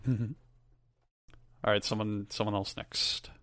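A man's voice: on the low side, level tone, slow pace, a bit bright, no room sound. Joking podcast guy, dry close sound. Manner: joking, explains things at length. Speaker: podcast co-host. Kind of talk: casual chat, reading fan mail.

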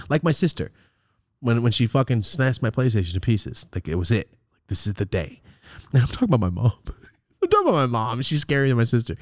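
A man's voice: medium pitch, dry recording, clean studio sound. A man hosting a podcast, telling a story casually, acting out quotes, swearing and laughing often. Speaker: podcast host.

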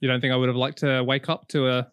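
A man's voice: medium pitch, little pitch movement, fast, a bit bright, clean tone, no echo, clean studio sound. A young man co-hosting a podcast, teasing his friend in casual banter with sarcastic, mock-wounded complaints. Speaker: podcast co-host.

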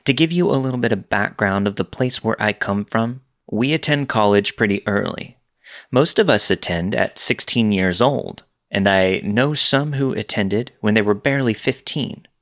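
Man, lowish voice, scripted scary-story narration, steady measured delivery.

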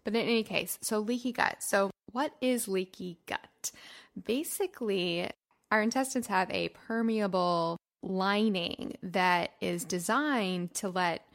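Gravelly-voiced woman podcast co-host. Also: mid-range voice, a little slow. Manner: warm, giggly, explains health topics. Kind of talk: casual podcast chat.

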